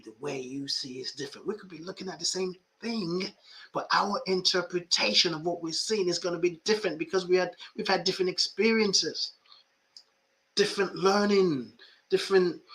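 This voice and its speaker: A man's voice: high voice, pushed and bright. A man hosting a podcast as a life coach, speaking emphatically and talking straight to his listeners in a reflective monologue. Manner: emphatic, talks to listeners directly.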